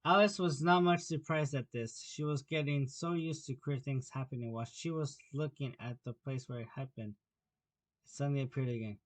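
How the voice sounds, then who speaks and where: A man narrating an amateur audiobook of a children's classic in a plain, steady reading voice. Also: medium pitch, moderate pace, poor audio.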